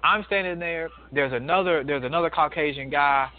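Thirties male caller, tinny phone sound, animated storyteller who restarts often. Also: fairly high pitch, fairly quick. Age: 30s. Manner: emphatic, animated retelling with many restarts. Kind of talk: casual storytelling.

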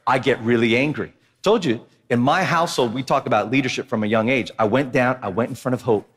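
Animated preacher in a reverberant church. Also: male voice, mid-range voice, fast. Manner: animated, jokey, asks the crowd "right?". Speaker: pastor. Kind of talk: sermon with comic storytelling. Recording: long hall reverb of a church.

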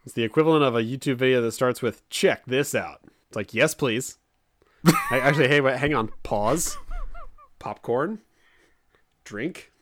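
A man's voice: mid-range voice, moderate pace, long pauses, fairly bright tone, no echo. A man hosting a casual conversation, joking and laughing often, acting out silly voices. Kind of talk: casual chat.

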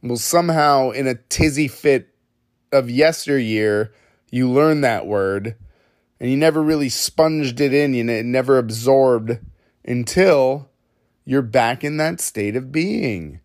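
A man's voice: mid-range voice, slow, dry recording, clean studio sound. A man hosting a solo podcast, ranting in a rambling, self-mocking, profane way. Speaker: podcast host.

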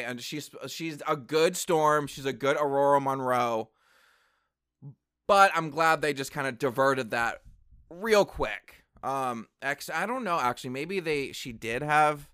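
Man reviewing a movie, bright and forceful, smooth and crisp, rambling, dry close sound. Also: mid-range voice, no room sound. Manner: rambling and excitable, full of fillers and asides. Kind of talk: casual film review chat. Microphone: camera mic.

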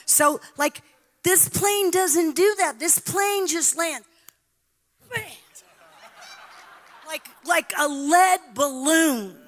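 A woman with a high voice preaching a sermon. She tells her story dramatically, falling to whispers and then rising to loud cries. She sounds middle-aged. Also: extremely slow, long pauses. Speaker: guest preacher.

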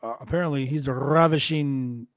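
A man hosting a casual wrestling recap, animated and jokey, slipping into high voices to act out what others said. His voice sits mid-range and sounds close and dry, with no room around it. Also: normal speed, dry recording. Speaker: podcast host.

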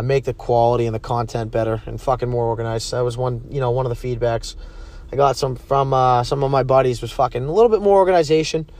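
A man's voice: mid-range voice, darkish tone. A young man hosting a podcast, ranting bluntly and profanely in a rambling way while driving his car. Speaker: podcast host. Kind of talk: casual rant while driving. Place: in a car on the road.

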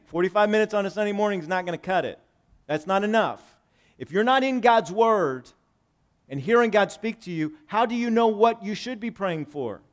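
Male pastor, somewhat high voice, preaches with big swings from loud to hushed, reads scripture and unpacks it plainly. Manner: dynamic preaching, swinging between loud emphasis and hushed low lines; reads scripture aloud and paraphrases it conversationally. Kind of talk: sermon.

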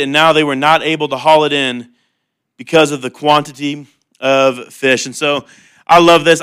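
A man's voice: a little high, pushed and bright, clear, resonant tone. A man preaching a sermon in an earnest, conversational way, mixing humor with heartfelt appeal. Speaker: pastor.

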